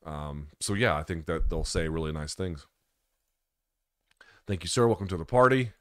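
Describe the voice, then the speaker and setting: A man's voice: low-pitched, lively intonation, moderate pace, fairly bright tone, no room sound, studio quality. A male host in a casual live-stream chat, answering viewer questions in a candid, loose way and swearing freely.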